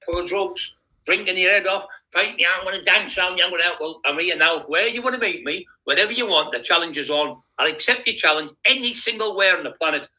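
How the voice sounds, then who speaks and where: Blunt, confrontational male streamer with a bright, sharp voice. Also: sits high, lively intonation, a little fast, low-quality recording. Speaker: live stream host. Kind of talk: casual live stream chat.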